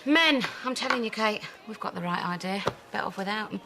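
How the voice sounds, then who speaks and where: Brief: an actress doing a bitter, chatty woman, quick delivery, noisy background. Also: mid-range voice, animated, close to an everyday voice. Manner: exasperated, chatty. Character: frazzled middle-aged woman club runner, bitter. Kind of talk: TV soap drama.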